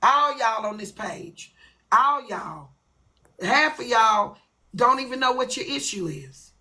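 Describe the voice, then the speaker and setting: A woman's voice: fairly high pitch, expressive, takes it slowly, sharp tone, rough recording. A woman hosting her own livestream, ranting bluntly and with lots of profanity. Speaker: livestream host. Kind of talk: ranting live stream.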